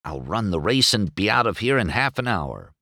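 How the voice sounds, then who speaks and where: A man's voice: on the low side, very animated, normal speed, pushed and bright, no echo, clean studio sound, full character voice. A man voicing a cocky young male race car in a storybook read-aloud, rude and impatient.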